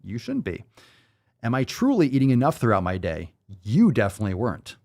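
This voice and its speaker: A man's voice: medium pitch, huge pitch swings, fairly quick, a little mellow. A man hosting a podcast, ranting with blunt, profane, sarcastic commentary and mocking asides. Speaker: podcast host.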